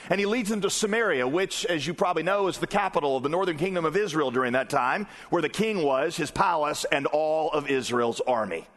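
A male pastor with a slightly high voice preaches in an easygoing, conversational way. He reads scripture aloud and acts out the voices in it. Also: a little fast, hardly any pauses, fairly bright tone. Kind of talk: sermon.

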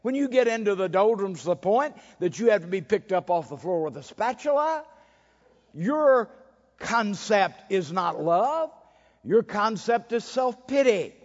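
A man preaching a dramatic sermon, swinging between loud bursts and hushed asides, acting out the quoted voices with wry humor. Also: sits high, lively intonation, a little slow. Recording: dull recording with a long hall reverb.

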